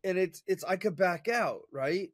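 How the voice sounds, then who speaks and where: A man as an interview guest, telling a personal story in an energetic, chatty way with fillers and restarts. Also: sits high, a little slow, dry recording, studio quality. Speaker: interview guest, professional speaker. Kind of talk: casual storytelling in conversation.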